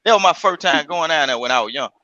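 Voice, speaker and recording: A man with a Southern country accent talks in a drawling, folksy way. His voice sits fairly high and sounds bright and sharp. The sound is dry and a bit muffled, as from a lo-fi stream. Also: lively intonation, quick pace, no room sound. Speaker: live stream regular. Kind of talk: casual argumentative chat.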